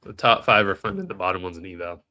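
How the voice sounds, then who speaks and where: A man's voice: low voice, very animated, fast talker, pushed and bright. A man with a nasal, stuffed-up voice, live-streaming trading commentary in a casual way, thinking aloud and answering chat questions.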